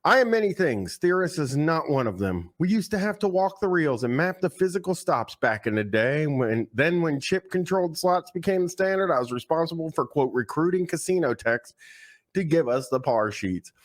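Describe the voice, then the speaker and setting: A man's voice: fairly high pitch, very animated, moderate pace. A man putting on a brash New York slot shark. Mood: boastful. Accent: put-on New York. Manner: brash, self-important. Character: boastful older male ex-pro slot gambler.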